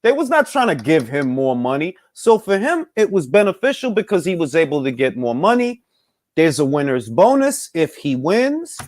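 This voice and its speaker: A man's voice: on the high side, moderate pace, no echo, clean studio sound. A man hosting a boxing talk show, ranting in a heated, profane and casual way straight at the fans. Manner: animated, profane, heated, addresses fans as y'all. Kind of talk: casual opinion rant.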